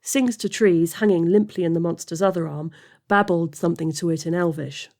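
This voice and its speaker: A woman reading a fantasy story aloud as narrator, steady and expressive. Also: fairly low pitch, a little fast. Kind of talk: audiobook fiction reading.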